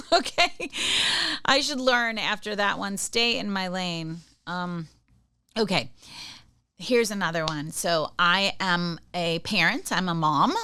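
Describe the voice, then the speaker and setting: A middle-aged woman hosts a podcast in a bright, crisp voice pitched a little low. She chats casually through personal stories and keeps checking in with the listener. The recording is dry and close. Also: dry recording. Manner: chatty, tells anecdotes, often checks in with "okay?". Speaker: podcast host. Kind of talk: casual advice monologue.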